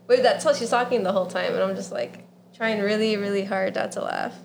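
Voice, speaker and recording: A woman's voice: mid-range voice, brisk, slight background noise. A woman co-hosting a casual podcast, recounting a story between laughs. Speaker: podcast co-host.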